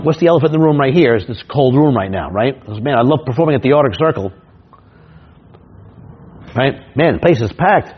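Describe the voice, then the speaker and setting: A man's voice: medium pitch, slightly rough, highs cut off. A man with a New York accent, a stage hypnotist teaching other performers, punchy and always checking in with the listener. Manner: punchy, keeps checking in with "right?" and acts out scenes. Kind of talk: instructional talk.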